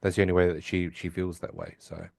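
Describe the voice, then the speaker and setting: A man's voice: low-pitched, little pitch movement, quick pace, dry recording, studio quality. A man co-hosting a podcast who recaps a sitcom episode in a rambling, hesitant way. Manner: rambling, hesitant, with many fillers and restarts. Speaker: podcast co-host.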